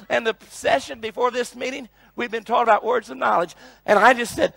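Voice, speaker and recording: An older man preaching a sermon, telling a revival story that swings from quiet asides to loud shouting. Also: high voice, moderate pace, gravelly. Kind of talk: sermon with testimony.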